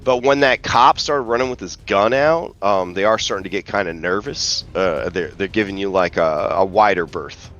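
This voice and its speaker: A man narrating as game master in a casual online tabletop session, relaxed and hesitant with many fillers. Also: low-pitched, normal speed, few pauses, dull audio.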